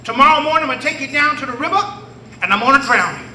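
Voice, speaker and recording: A man's voice: very high-pitched, expressive, rapid-fire, sharp tone, slight background noise, exaggerated voice. A man voicing a stern, self-satisfied slave master who scolds and gives orders, heard from a distance in an echoey room. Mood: scolding. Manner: commanding, scolding.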